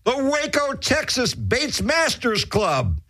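A man hosting a crude comedy show, rambling through raunchy shout-outs and dirty rhymes. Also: very high voice, wildly swooping pitch, slow pace. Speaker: host.

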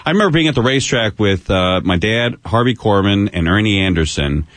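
A middle-aged man hosting a radio talk show, telling lively track stories and acting out the people in them. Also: fairly low pitch, brisk, no room sound. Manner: animated storyteller, acts out quoted voices. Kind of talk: casual storytelling chat. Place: radio studio. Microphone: studio mic.

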